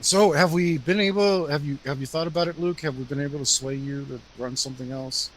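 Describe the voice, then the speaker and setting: A man's voice: fairly high pitch, a little fast, a bit bright, low-quality recording. A man co-hosting a casual podcast chat, talking in an easygoing, rambling way. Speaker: podcast co-host.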